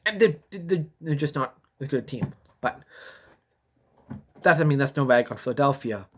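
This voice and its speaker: A man's voice: mid-range voice, animated, moderate pace, slightly rough. A young man in a casual vlog, rambling and repeating himself as he talks through a prediction, yawning now and then. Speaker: YouTuber giving sports predictions.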